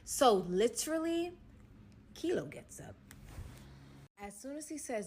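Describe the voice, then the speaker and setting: A woman telling a casual storytime recap in an animated, slangy way, acting out other people's lines as she goes. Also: on the high side, a little slow, pauses often, slight background noise. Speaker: storyteller vlogger.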